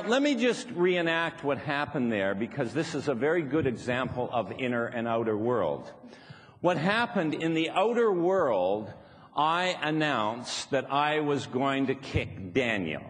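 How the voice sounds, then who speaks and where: A man's voice: mid-range voice, a bit bright. Playful man speaking in an echoey hall. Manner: playful, chuckling, teasing. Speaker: seminar speaker. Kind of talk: live motivational seminar talk. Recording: echoey hall, faint background noise.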